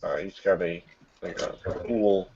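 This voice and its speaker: A man running a tabletop game as game master, narrating in a hesitant, halting way. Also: deep voice, a little mellow. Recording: muffled lo-fi recording with faint noise.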